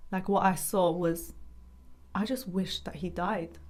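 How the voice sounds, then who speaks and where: A woman's voice: on the low side, steady tone, measured pace, a little mellow. Earnest young woman telling her story. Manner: earnest, rambling storytelling with fillers. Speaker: guest. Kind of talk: emotional personal testimony.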